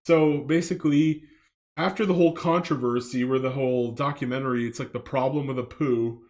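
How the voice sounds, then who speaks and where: A man's voice: medium pitch, fairly even intonation, fairly quick, darkish tone. A man from Canada giving loose, casual commentary for his video, full of fillers and restarts, with some swearing.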